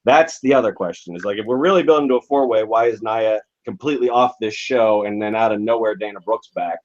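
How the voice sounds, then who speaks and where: A man's voice: fairly low pitch, muffled recording. A man co-hosting a wrestling podcast in casual chat, weighing his opinions and hedging them. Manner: thoughtful, measured, hedging. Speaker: podcast co-host.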